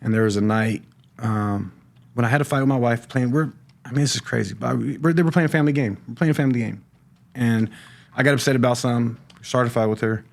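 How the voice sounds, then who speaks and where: A middle-aged man giving a personal testimony on a podcast, talking in a halting way with many restarts and repeated words. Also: medium pitch, gravelly. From California. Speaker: podcast guest sharing recovery story. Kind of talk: personal testimony, casual talk.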